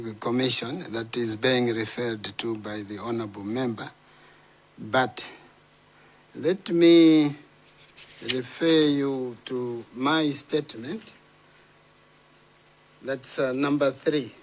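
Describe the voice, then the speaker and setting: A man giving formal testimony to a parliamentary committee, halting and careful with many pauses. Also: mid-range voice. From Malawi. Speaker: witness before a parliamentary committee.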